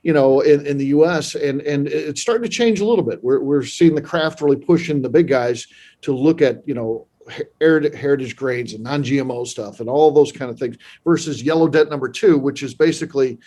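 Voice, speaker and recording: A man's voice: on the high side, moderate pace, mellow. A man hosting a podcast interview, speaking enthusiastically and repeating words as he thinks. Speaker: podcast host. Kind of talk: casual interview chat.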